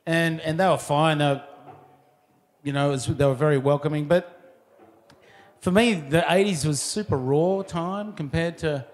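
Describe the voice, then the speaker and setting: A man looking back on his surfing years in relaxed, rambling casual talk with many fillers. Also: a little high, normal speed, long pauses. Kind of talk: casual reminiscing.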